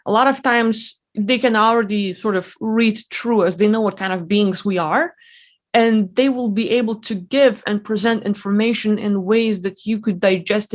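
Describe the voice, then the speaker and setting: A woman hosting a reaction video, talking in a rambling, casual way full of fillers and restarts. English is not her first language. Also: mid-range voice. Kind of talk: casual commentary.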